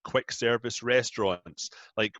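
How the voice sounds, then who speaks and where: A man in his thirties from Scotland with a Scottish accent, chatting easily as a guest in an interview, quick to laugh at himself. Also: medium pitch, fairly bright tone, no room sound, highs cut off. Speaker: guest, app founder. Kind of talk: casual interview chat.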